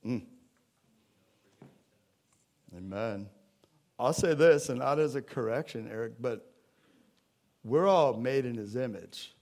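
Here a pastor in a church sanctuary preaches with an expressive, mid-range voice that has a darkish tone and runs a little slow. He engages the congregation conversationally and brings Bible scenes to life with quoted voices.

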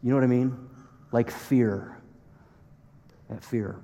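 A man preaching a sermon as pastor, playful and animated, then turning soft and earnest. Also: medium pitch, takes it slowly, in a large hall, a little hiss or hum. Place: church hall.

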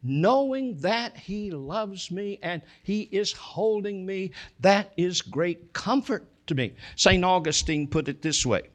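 A man preaching a sermon, slow and emphatic, repeating key phrases and telling a story to the congregation. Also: sits high, animated, a bit bright.

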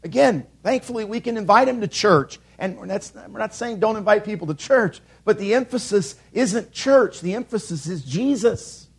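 Preaching from the pulpit, a pastor pushes his message through repeated calls and rhetorical questions, his high, husky voice rising and falling on every line. The sermon is animated and moderately paced, with hardly any pauses.

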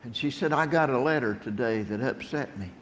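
A man's voice: mid-range voice, fairly quick, a bit bright, a little hiss or hum. A middle-aged man preaching a sermon in a plain-spoken, storytelling way, lifting his voice when he quotes scripture. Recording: long reverb of a large room.

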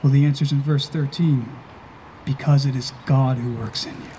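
A pastor preaching an earnest sermon, slowing down and stressing key phrases. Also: male voice, mid-range voice, fairly even intonation, mellow, a little hiss or hum.

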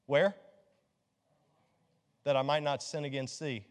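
A middle-aged male pastor preaching a sermon, lively and joking as he quizzes his congregation with rhetorical questions. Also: mid-range voice, slow, pauses often. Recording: long hall reverb.

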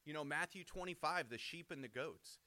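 A man's voice: on the high side, brisk, bright, forceful tone. A man giving a casual Bible teaching, conversational, often checking in with "right?" and restarting his words. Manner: frequent restarts and repeated words.

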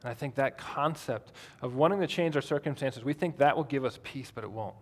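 A man's voice: medium pitch, brisk. A man preaching a sermon in a conversational way, asking the congregation questions. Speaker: pastor.

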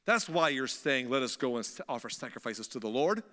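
A man's voice: medium pitch, expressive, fairly quick, pushed and bright, long reverb tail. A man playing an arrogant ancient king who mocks and dismisses his slaves in casual modern slang. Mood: angry. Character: scornful arrogant male pharaoh, ancient king.

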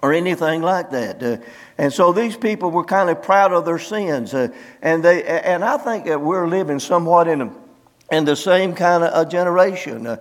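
A man preaching a sermon as pastor, reading scripture slowly and emphatically with many "uh" fillers. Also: a little high, long reverb tail.

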